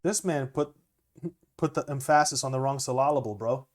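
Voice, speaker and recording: A young man, a music producer, chatting casually and excitedly as he reacts to an album, laughing often. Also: mid-range voice, moderate pace. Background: music playing faintly.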